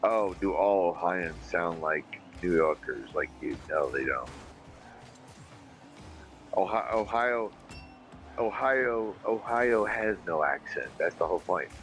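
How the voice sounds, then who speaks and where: A man with a very low, deep voice hosts a loose livestream chat. He rambles, swears freely and reads viewer comments aloud in an emphatic, offhand way. Faint music plays underneath. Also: lively intonation, slow, a bit bright, low-quality recording. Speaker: livestream podcast host.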